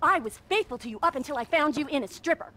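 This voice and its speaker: A fed-up rich wife in a video game, scolding in a very high, bright voice. Her pitch swings widely as she berates her husband. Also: animated, quick pace. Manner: shrill, scolding, profane. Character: exasperated wealthy middle-aged wife, yoga devotee. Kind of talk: video game cutscene acting.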